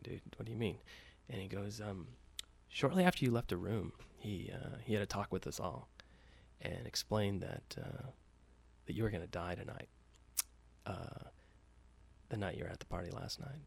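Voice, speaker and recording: A man's voice: on the low side, normal speed, creaky, husky. A man telling a story casually, with loose profane talk and many fillers, acting out the quoted lines lightly.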